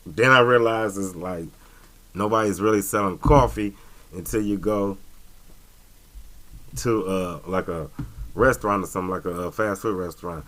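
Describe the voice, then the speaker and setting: A man's voice: on the low side, a bit bright. Rambling joking male radio host. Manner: rambling, joking, many fillers and restarts. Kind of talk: casual talk radio monologue.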